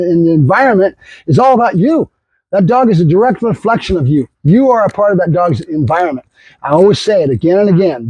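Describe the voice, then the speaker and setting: A middle-aged dog trainer talking casually and bluntly to the camera, repeating himself with fillers and restarts. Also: male voice, high-pitched, a little mellow, slightly rough, poor audio.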